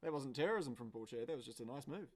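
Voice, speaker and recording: Live on a stream, a man commentates a car race in a fast, mid-range voice. He's excitable and swears, breaking into shouts at the screen.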